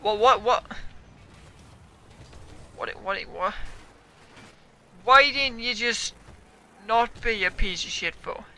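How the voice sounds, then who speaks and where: A young man, a gaming YouTuber, giving loud, excitable commentary on his own play, yelling, swearing and laughing. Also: high voice, slow pace, creaky, long pauses, slight background noise.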